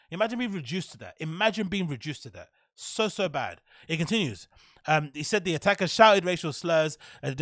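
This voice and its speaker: A man's voice: fairly high pitch, a bit bright, no echo. Ranting British man, slangy and sarcastic. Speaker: podcast host. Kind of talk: casual commentary.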